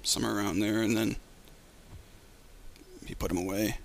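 A man's voice: fairly low pitch, level tone, moderate pace, vocal fry, no room sound. A man hosting a show, chatting casually and rambling easily about what he watched. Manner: rambling, easygoing. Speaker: show host. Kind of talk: casual chat.

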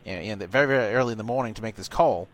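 A man's voice: fairly low pitch, very fast, lightly acted. A man playing a pompous retired British colonel who stammers and gets indignant when doubted. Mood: blustering. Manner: stammering, indignant, easily flustered. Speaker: prank caller posing as a reporter.

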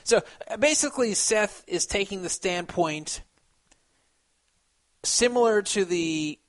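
A man giving casual commentary on social media posts, animated and laughing at his own remarks. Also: slow pace. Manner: animated, acts out quoted voices with sudden pitch jumps. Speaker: poker commentator.

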